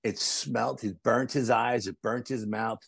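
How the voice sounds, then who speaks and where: Gravelly New storyteller, middle-aged man. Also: mid-range voice, a little slow, no echo. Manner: animated storyteller, repeats phrases for emphasis. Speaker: podcast guest. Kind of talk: storytelling in casual conversation.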